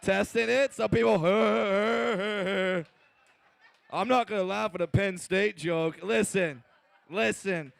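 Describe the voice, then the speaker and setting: High, brash young comedian man. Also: takes it slowly, vocal fry, no echo. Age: 20s. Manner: loud, brash, profane punchlines. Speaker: stand-up comedian. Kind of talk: stand-up comedy routine.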